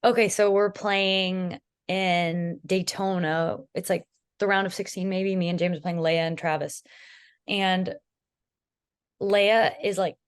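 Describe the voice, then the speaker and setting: A young woman guesting on a podcast, telling stories in a teasing, animated way. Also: fairly low pitch, takes it slowly, smooth. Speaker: podcast guest and pro player. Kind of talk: casual podcast chat.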